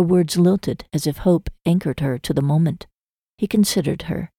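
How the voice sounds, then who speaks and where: Low, creaky woman narrating. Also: steady tone, moderate pace, mellow, dry recording, clean studio sound. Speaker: audiobook narrator. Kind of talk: scripted narration.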